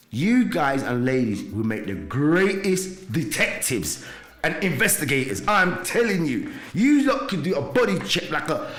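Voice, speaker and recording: Animated storytelling man from England. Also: a little high, reverberant. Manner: lively, exclaims to the audience, slips into quoted voices. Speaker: podcast guest.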